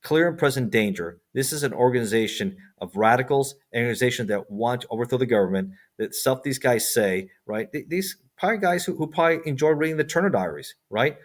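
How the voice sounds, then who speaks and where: A man speaks in loose, conversational bursts about politics, often stammering and restarting his sentences. His voice sits at an ordinary middle pitch. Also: animated, quick pace, few pauses. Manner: repeats words, stumbles and restarts. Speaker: guest. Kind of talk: casual political chat.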